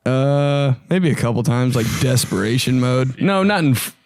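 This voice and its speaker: A young man co-hosting a podcast in casual chat, animated, laughing often and swearing casually. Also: mid-range voice, moderate pace, no echo. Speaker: podcast co-host.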